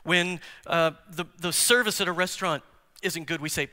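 Forceful bright-voiced preaching man, hall echo. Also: a little high, fairly even intonation, moderate pace. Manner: emphatic preaching, swinging from loud declarations to hushed near-whispers; engages the congregation with direct questions. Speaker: pastor. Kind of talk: sermon. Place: large church sanctuary. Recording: long hall reverb from church sanctuary.

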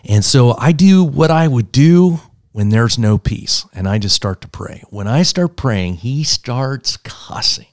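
A man, a pastor, telling stories earnestly in a church conversation and building to loud emphasis. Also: mid-range voice, lively intonation, unhurried, few pauses, no echo, studio quality.

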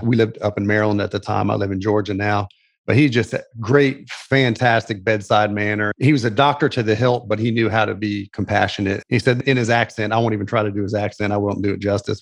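A man's voice: fairly low pitch, gravelly. A middle-aged man, a guest on an interview, telling a personal story in an earnest, reflective way. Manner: earnest, reflective, gentle pacing with restarts. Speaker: interview guest, animation producer and author.

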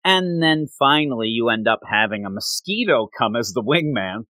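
A man casually recapping a manga chapter with a co-host, rambling and quickly acting out the characters' lines. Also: medium pitch, expressive, bright, forceful tone, no echo.

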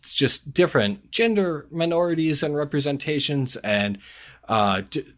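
A man's voice: a little high, lively intonation, measured pace. A man co-hosting a podcast, talking in a rambling way and laughing easily. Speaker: podcast co-host. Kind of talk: casual podcast chat.

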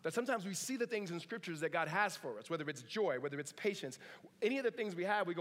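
A man preaching a sermon in a relaxed, conversational way, with joking asides and animated retellings of stories. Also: high-pitched, quick pace, in a large hall. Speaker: pastor.

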